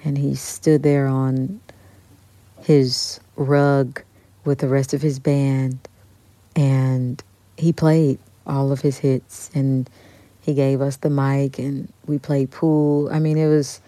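Mellow-voiced woman telling a lively story. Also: extremely low pitch, slow, no echo. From Kansas City, Kansas. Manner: animated, excited storyteller. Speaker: musician and actor, interview guest. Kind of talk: radio interview storytelling.

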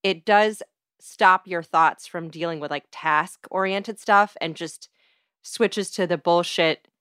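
A woman's voice: fairly low pitch, slow, fairly bright tone, clean tone, dry recording, studio quality. A woman guest on a podcast, chatting casually in a playful, laughing way as she gives advice.

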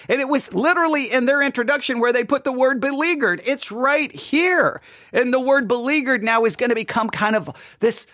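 A woman's voice: fairly high pitch, fairly bright tone, no room sound, studio quality. A woman hosting a podcast Bible lesson, talking it through conversationally and often checking in with her listeners. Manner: conversational, keeps checking in with "right?". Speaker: Bible study teacher and podcast host.

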